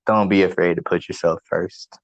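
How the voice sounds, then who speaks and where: A man's voice: deep voice, steady tone, normal speed. A man co-hosting a casual podcast, talking in a laid-back, rambling way and swearing casually. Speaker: podcast co-host. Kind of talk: casual chat. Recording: dull lo-fi, dry sound.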